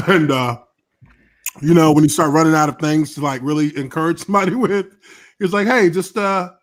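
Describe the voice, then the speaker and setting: A man's voice: on the high side, fairly quick. A man hosting a casual livestream, telling stories in a laid-back, profane way and laughing often. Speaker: livestream host, former football player.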